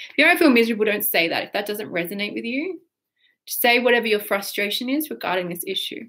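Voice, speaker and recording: A woman guiding a tapping session, speaking slow soothing affirmations and acting out frustration for listeners to repeat. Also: medium pitch, animated, a bit bright. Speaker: tapping coach.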